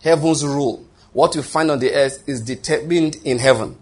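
Husky man preaching. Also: fairly high pitch, moderate pace. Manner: repetitive, emphatic, with frequent restarts and rhetorical questions. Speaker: pastor. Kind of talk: sermon.

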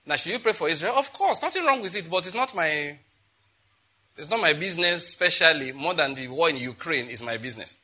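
Male pastor, sermon delivery, emphatic, sharp bright tone. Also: fairly high pitch, animated, a little fast. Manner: emphatic, quizzes the congregation. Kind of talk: sermon with scripture reading.

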